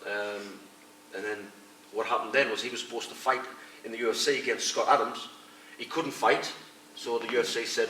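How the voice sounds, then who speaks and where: A man's voice: medium pitch, moderate pace. A middle-aged man being interviewed, bluntly telling fight stories and acting out what others said. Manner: blunt, animated anecdote-telling with quoted voices. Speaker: interviewee, retired fighter and coach. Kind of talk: casual storytelling interview. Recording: echoey room, distant mic, faint noise.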